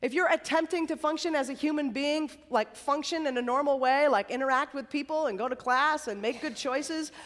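A woman preaching a sermon at a college worship service in a conversational, chatty way, sometimes dropping to a soft whisper. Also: high-pitched, fairly quick, few pauses, in a large hall. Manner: conversational, chatty, tag questions and "like"; drops to a soft whisper for emphasis. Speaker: campus preacher.

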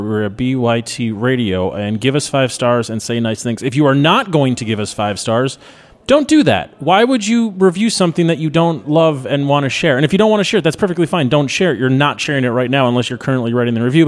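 Thirtysomething guy hosting a podcast, blunt and jokey, ranting opinions casually. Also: medium pitch. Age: 30s. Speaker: podcast host. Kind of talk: casual chat.

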